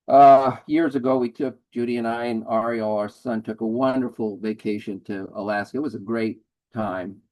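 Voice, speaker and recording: A man's voice: on the low side, a little mellow, low-quality recording. A man in his seventies, a featured poet, giving a poetry reading in a dry, wry manner. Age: 70s. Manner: dry, wry delivery of humorous verse.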